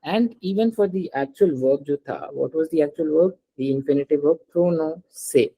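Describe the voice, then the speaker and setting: A man's voice: on the high side, brisk, vocal fry, warm tone, breathy edge, rough recording. A man teaching French in a one-on-one lesson, patiently explaining rules step by step and asking his student to read aloud.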